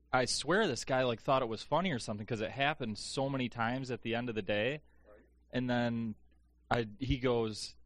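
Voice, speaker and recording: A man's voice: mid-range voice, a bit bright. A man in casual chat, rambling through a workplace story with lots of fillers.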